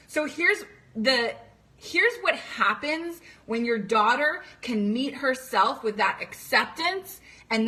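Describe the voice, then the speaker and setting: A young woman with a high, bright voice speaks straight to parents as a coach. She is earnest and emphatic, and she leans hard on repeated phrases to make her point. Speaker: coach for teenage girls. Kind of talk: direct-to-camera talk to parents.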